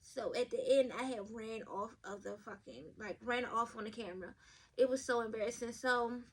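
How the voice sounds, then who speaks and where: A woman's voice: fairly high pitch, fairly even intonation, normal speed, breathy edge. A woman hosting a podcast, reading advice stories aloud and giving blunt, profane, chatty takes straight to her listeners, sometimes stumbling over words. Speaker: podcast host.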